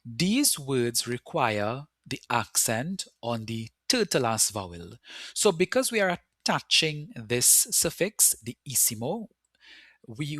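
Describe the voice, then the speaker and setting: A man talks through a recorded Spanish lesson, patiently taking each rule in turn and slowing down to spell out the example words. His voice sits at an ordinary middle pitch. The recording is close and dry, with no room sound around it. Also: fairly bright tone, no room sound. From Caribbean. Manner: patient, explains step by step and slows to spell out words. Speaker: Spanish teacher.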